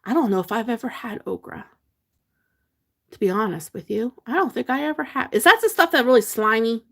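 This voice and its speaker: A woman's voice: on the high side, animated, fairly quick, gravelly, a bit bright. A chatty woman hosts a casual livestream. She talks easily with her viewers, reads their comments aloud and laughs often as she goes. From Pennsylvania. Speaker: livestream host.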